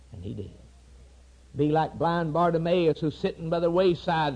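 A man preaching an impassioned sermon, rising to high cries and dropping to hushed, low tones. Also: expressive, normal speed, muffled recording.

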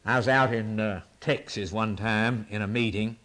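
A man preaching a sermon in a rhythmic, repetitive cadence, swinging between near-shouts and hushed whispers. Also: fairly low pitch, steady tone, moderate pace. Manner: impassioned, rising to near-shouts and dropping to whispers.

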